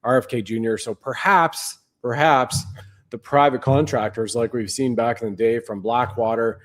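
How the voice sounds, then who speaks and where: A man's voice: mid-range voice, fairly even intonation, normal speed. A man hosting a show, delivering a rambling, conspiratorial livestream monologue. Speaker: show host.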